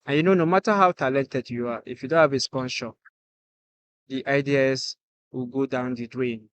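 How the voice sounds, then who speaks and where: A man's voice: mid-range voice, normal speed, smooth, no echo. A Nigerian man sits in as the guest musician on a podcast and talks in an earnest way. He keeps tagging "you get" onto his points, and his voice sits in the middle range. The recording is close and dry. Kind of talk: casual podcast chat.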